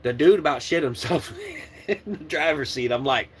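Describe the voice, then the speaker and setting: A man's voice: fairly high pitch, normal speed, breathy edge. Man telling a trucking story, swearing freely. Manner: animated, swears and laughs while retelling. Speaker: truck driving trainer. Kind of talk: casual storytelling.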